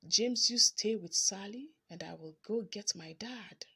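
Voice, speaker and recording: A worried young boy speaks in a hurried, anxious rush. A woman reads his lines in a children's story. Her voice has a light husk to it. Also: mid-range voice, sharp tone, slightly rough, exaggerated voice.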